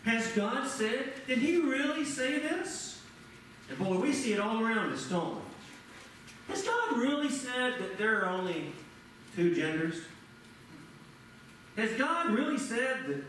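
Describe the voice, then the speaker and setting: A man's voice: high voice, slight background noise. A man preaching a sermon as pastor, firing off rhetorical questions and talking straight to his congregation. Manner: animated, rhetorical questions, addresses congregation by name. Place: church sanctuary. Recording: echoey church room, mic at a distance.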